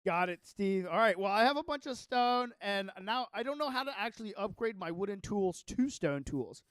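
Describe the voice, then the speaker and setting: A male streamer chatting away while he plays, excitable and rambling, often cutting himself off mid-thought. His voice sits unusually high for a man, and the sound is close and dry with no room echo. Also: normal speed, clear, resonant tone. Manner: excitable, rambling, self-interrupting. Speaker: gaming streamer. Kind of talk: casual livestream chat while playing.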